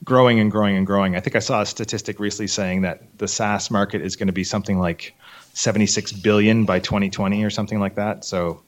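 A man, a software company CEO, talking casually as an interview guest, rambling with many fillers. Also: on the low side, fairly even intonation, quick pace.

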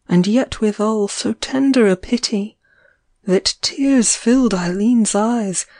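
Female audiobook narrator, unhurried and lyrical, mellow tone, dry studio sound. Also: medium pitch, no room sound. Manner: slow, measured, lyrical.

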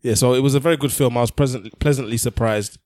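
A man's voice: medium pitch, steady tone, fast, darkish tone, no echo, clean studio sound. A man in a casual podcast chat, laid-back and hesitant, with many fillers. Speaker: podcast guest.

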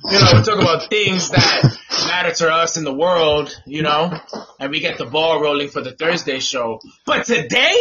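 A man hosting a casual podcast, ranting loudly and profanely with lots of laughter and repetition. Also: on the high side, expressive, normal speed. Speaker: podcast host. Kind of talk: casual comedic rant. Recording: dull lo-fi sound with noise.

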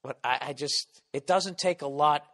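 A man hosting a podcast, telling a profane comic story in an animated, mock-ranting way. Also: on the high side, moderate pace, in a large hall. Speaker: podcast host.

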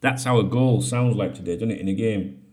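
A man's voice: fairly low pitch, brisk, a little mellow. A man hosting a casual solo podcast. He reads out headlines and breaks in with sweary, jokey asides. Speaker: podcast host.

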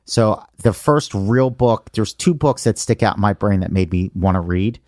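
A man's voice: lowish voice, normal speed, a little mellow, dry recording, studio quality. A man in his forties, a podcast host, chatting casually and telling stories with enthusiasm. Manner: enthusiastic storytelling. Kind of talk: casual chat.

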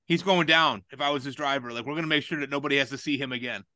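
A man's voice: medium pitch, racing, pushed and bright, no echo. A man in casual chat, telling long, profane stories and getting more exasperated as he goes. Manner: rambling, profane storytelling with rising exasperation.

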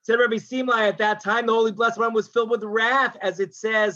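A man teaching a religious text as a lecture, animated and voicing its characters, often restarting mid-phrase. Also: sits high, fairly quick, highs cut off.

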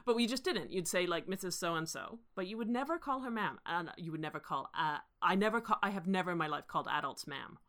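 A woman co-hosting a casual film discussion, talking in an animated way with restarts and laughs. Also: fairly low pitch, brisk, hardly any pauses. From Canada. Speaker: podcast co-host.

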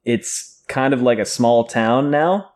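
A man's voice: medium pitch, takes it slowly, a little mellow. A man co-hosting a casual book discussion, reading passages aloud and adding joking, profane comments.

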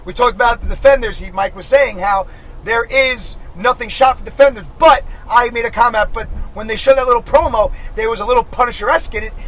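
A man co-hosting a podcast, talking in an animated, blunt and profane way while riding in a car. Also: extremely high pitch, fairly quick, rough recording. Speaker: podcast co-host. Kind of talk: casual chat. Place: inside a moving car.

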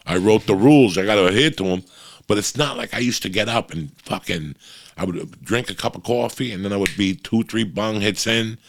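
A middle-aged man with a very low, gravelly, wheezy voice rambles through a confessional podcast monologue, swearing constantly. He sounds close and dry on a podcast mic, with no room around him. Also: fairly quick, no echo. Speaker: podcast host. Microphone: podcast microphone.

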